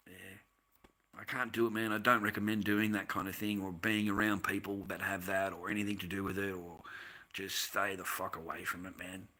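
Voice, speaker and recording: A man's voice: fairly low pitch, fairly even intonation, normal speed, pushed and bright. A middle-aged man, telling long, loose stories on a livestream with plenty of swearing and slang. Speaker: livestream host. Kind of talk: rambling casual storytelling.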